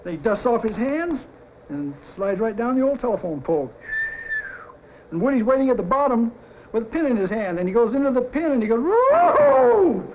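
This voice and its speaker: High-voiced animated cartoon story man. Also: brisk, a little hiss or hum. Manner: animated, acting out sound effects. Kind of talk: pitching a storyboard. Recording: dull lo-fi 1950s TV audio.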